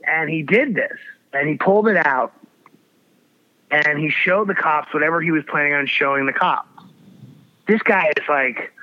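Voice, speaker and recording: A man's voice: a little high, moderate pace, long pauses, pushed and bright. Rambling profane man telling a story. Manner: rambling, profane, lots of restarts and fillers. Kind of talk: casual storytelling chat. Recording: dull lo-fi audio.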